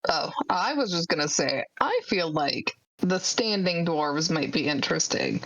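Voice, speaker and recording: A woman's voice: lowish voice, very animated, normal speed, gravelly, few pauses, fairly bright tone, dry recording, rough recording. A woman playing a tabletop game, suggesting ideas in a casual, tentative way. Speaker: player.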